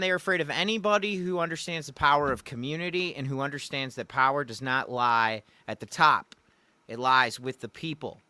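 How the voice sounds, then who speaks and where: A man hosts a loose, rambling livestream and talks straight to the viewers in his chat in a folksy way. His voice is bright and forward, and the recording is close and dry, with no room sound. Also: mid-range voice, fairly quick, no room sound. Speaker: livestream host. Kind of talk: casual livestream commentary. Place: Louisiana.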